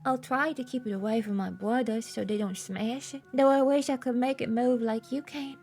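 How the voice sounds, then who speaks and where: A woman voicing a sweet, dreamy young girl with a put-on Southern accent and a high childlike voice. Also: fairly even intonation, normal speed, darkish tone, slight background noise, natural voice. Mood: sweet, wistful. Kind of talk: voicing game dialogue.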